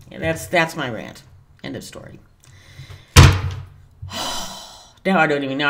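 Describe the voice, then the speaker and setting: A woman with a slightly low voice talks to camera as a tarot reader. She is chatty and wanders from point to point, with mild cursing along the way. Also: fairly bright tone. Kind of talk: casual vlog monologue.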